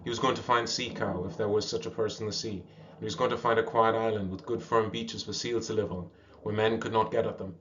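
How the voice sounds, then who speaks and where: A man reading a classic animal story aloud at a steady pace, with small slips and restarts. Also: on the low side, fast, slight background noise. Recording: dull lo-fi recording.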